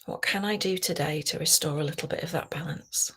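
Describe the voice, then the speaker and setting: A woman coach leading a guided tapping session, talking slowly and soothingly and often dropping to a whisper. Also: sits low, slightly rough. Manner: slow, soothing, softly guiding with whispered phrases.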